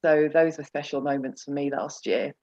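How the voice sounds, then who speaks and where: A woman's voice: deep voice, steady tone, normal speed, a little mellow, lo-fi sound. A woman on a church video call, chatty and laughing easily as she shares memories. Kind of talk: casual chat.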